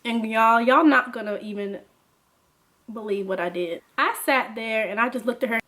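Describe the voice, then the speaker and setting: A young woman vlogger telling a casual story, animated and laughing, full of "like". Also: on the high side, moderate pace. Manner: animated, laughing, lots of filler "like".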